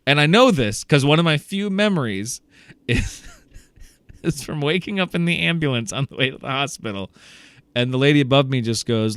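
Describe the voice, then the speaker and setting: A young man co-hosting a podcast, telling a story in a lively way, acting out the voices of the people in it and laughing often. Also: mid-range voice, normal speed, clear, resonant tone, no echo. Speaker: podcast co-host. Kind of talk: casual storytelling chat.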